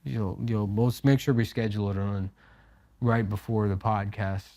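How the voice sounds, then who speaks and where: A man co-hosting a comedy podcast, talking in a rambling, halting, self-deprecating way. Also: fairly low pitch, fairly even intonation, warm tone, no echo. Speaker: podcast co-host. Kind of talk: casual comedic banter.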